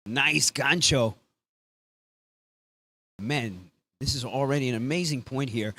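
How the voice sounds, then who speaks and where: A man calling a beach tennis match live, casual and excitable, dropping Spanish phrases into his play-by-play. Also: medium pitch, measured pace, long pauses, husky, dry recording. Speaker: sports commentator.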